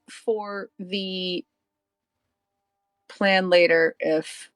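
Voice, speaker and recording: A woman playing a tabletop game, talking in a rambling, self-deprecating, animated way. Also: mid-range voice, moderate pace, no room sound. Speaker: player. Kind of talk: tabletop game role-play.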